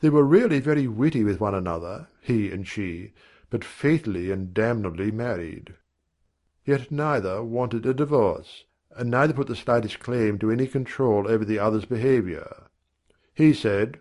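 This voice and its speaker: A man reading a first-person story aloud in a measured, wry storytelling manner. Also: on the low side, expressive, darkish tone. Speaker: narrator.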